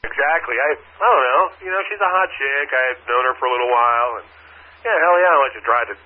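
A husky man tells a rambling story full of swearing. His voice comes through thin and tinny, like a phone line. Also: mid-range voice, fast. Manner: profane, rambling, animated storyteller. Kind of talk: casual storytelling chat.

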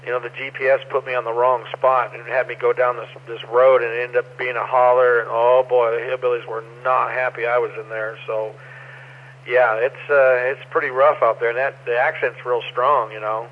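A man's voice: medium pitch, normal speed. Middle-aged ham radio man telling stories. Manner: rambling, storytelling, relaxed. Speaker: amateur radio operator. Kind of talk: casual radio chat. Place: over the air on amateur radio. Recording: muffled ham radio audio with faint noise.

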